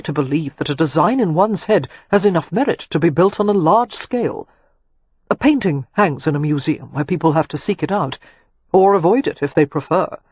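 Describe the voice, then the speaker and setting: A woman narrator voicing a confident, wry young gentleman architect who teases and reflects. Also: fairly high pitch, husky, no room sound.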